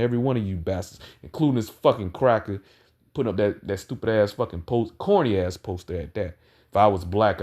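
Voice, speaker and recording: A man with a low-pitched voice preaches an angry, combative sermon. He reads verses slowly and loudly, then breaks into fast, profane street talk. He tags nearly every line with "man" or "all right". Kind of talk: profane ranting sermon reading scripture.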